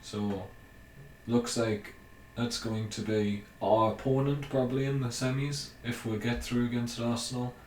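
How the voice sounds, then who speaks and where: A young man giving casual commentary over a video game he is playing, thinking aloud with ums and bursts of excitement. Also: medium pitch, measured pace. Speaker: gaming YouTuber. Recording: roomy, mic at a distance, faint hiss.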